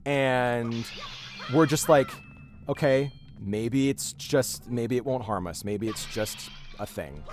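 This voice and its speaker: A man's voice: medium pitch, takes it slowly, soft background music. A man hosting a game stream, telling a story in casual chat with many restarts and fillers. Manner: rambling, animated storyteller with frequent restarts. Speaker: streamer host.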